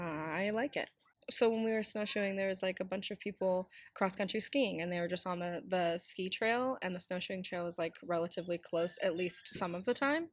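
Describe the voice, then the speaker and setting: A woman in her thirties, hoarse and raspy from a cold, hosting a casual solo podcast in a chatty, candid way with many fillers. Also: mid-range voice, fairly bright tone, no echo. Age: 30s. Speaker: podcast host.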